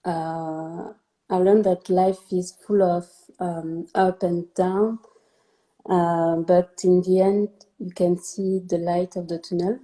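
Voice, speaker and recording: A woman with a French accent, a native French speaker, answering in halting English with many pauses and fillers. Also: on the low side, little pitch movement, mellow. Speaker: guest, younger sister. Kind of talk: emotional interview answers.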